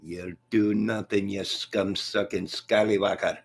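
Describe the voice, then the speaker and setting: A brash Irish prizefighter, as a man puts him on, taunting and mocking in a high, shouting voice. The tone turns gravelly and husky at the edges, and the delivery is slow and drawn-out. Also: level tone, exaggerated voice. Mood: shouting insults. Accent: put-on Irish.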